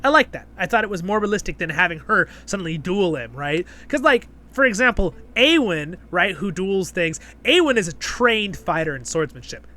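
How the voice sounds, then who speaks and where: A man's voice: sits high, animated, normal speed, few pauses, sharp tone. A man hosting a casual spoken review, chatty and rambling, full of fillers and frequent "right?" checks. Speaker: host and show reviewer.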